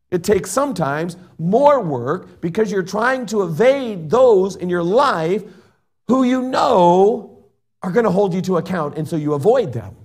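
A middle-aged man preaching a sermon and reading scripture in an earnest way. He shifts between loud emphasis and soft asides. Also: sits high. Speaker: pastor.

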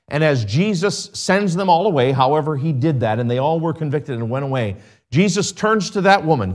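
A man preaching a sermon, asking his congregation rhetorical questions and reading scripture in King James wording. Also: on the high side.

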